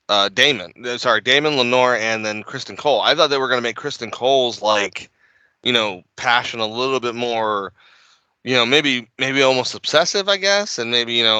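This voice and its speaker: A man co-hosting a casual podcast chat, animated and quick to laugh. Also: mid-range voice, clean tone, no room sound. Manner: animated, laughs often, does quick impressions. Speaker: podcast co-host.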